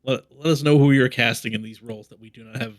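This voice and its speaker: A man's voice: medium pitch, fairly even intonation, fast talker, dry recording, clean studio sound. A man co-hosting a casual comedy podcast, answering his partner with wry, joking quips. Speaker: podcast co-host.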